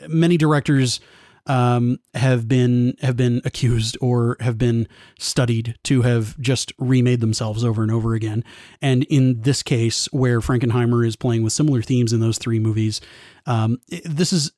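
A man's voice: mid-range voice, a little mellow, dry recording, studio quality. A man in a casual film discussion, analytical and given to long winding sentences with restarts.

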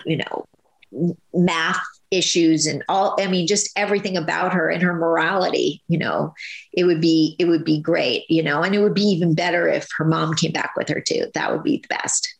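A woman in her fifties talks in a gravelly, slightly low voice, rambling and animated with many restarts. She is an actress guest in a casual interview. The sound is echoey, as in a bare room. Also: moderate pace. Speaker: soap opera actress guest.

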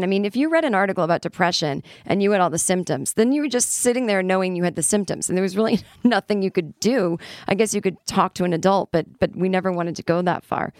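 A candid, self-deprecating woman with a lowish voice talks through a casual solo podcast, laughing now and then. She sounds middle-aged. Her voice is close to the mic in a dry, dead room with no echo. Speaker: podcast host.

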